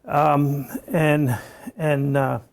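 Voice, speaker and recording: A man's voice: on the high side, steady tone, very slow, gravelly. A man around seventy, a professor telling a long story to his class and often checking in with "okay?". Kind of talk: classroom lecture anecdote.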